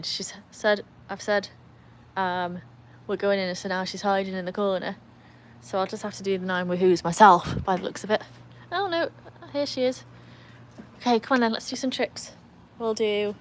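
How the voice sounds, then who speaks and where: A woman's voice: mid-range voice, a little hiss or hum. Chatty English woman on a livestream. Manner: chatty, rambling, reads viewer comments aloud. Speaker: livestream host with a trick dog. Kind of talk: casual live-stream chat.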